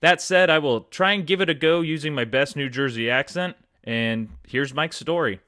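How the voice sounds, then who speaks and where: A man's voice: fairly high pitch, moderate pace, pushed and bright, no room sound, clean studio sound. A man hosting a scripted comedy podcast with an upbeat, polished delivery. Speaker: podcast host.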